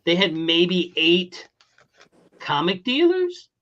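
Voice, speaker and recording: A man's voice: high voice, sing-song, slow pace, sharp tone. Man on dull lo-fi audio. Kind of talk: casual chat.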